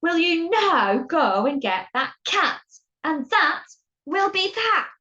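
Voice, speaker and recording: A woman's voice: sits high, sing-song, pushed and bright, full character voice. A woman doing a bossy order-giving man. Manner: firm, slow, commanding. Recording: dull lo-fi recording.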